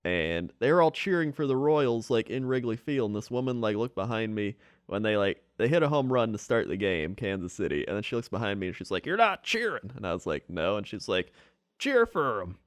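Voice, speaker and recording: A man's voice: a little fast, few pauses, dry recording, clean studio sound. A man co-hosting a podcast, telling a story in casual chat and acting out the people in it. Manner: animated storyteller, acts out people in high voices. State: sick with flu. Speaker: podcast co-host.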